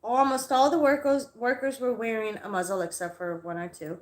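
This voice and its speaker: A woman ranting on a live stream, swearing freely as she tells a story that has her fuming. Her voice sits a little high, and the room around her has a strong echo. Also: fairly even intonation, brisk. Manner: profane, heated ranting. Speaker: psychic reader hosting a live stream. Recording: echoey room.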